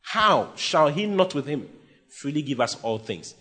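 A male pastor with a Ghanaian English accent delivers a sermon, his voice sitting a little high and swinging widely in pitch. He builds to emphatic bursts and mimics his listeners with a playful edge. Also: sing-song, unhurried, fairly bright tone.

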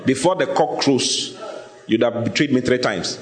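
A man's voice: mid-range voice, normal speed, roomy sound. A man preaching a sermon, telling the story vividly and asking the listeners questions. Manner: animated storytelling, often asks the listeners questions.

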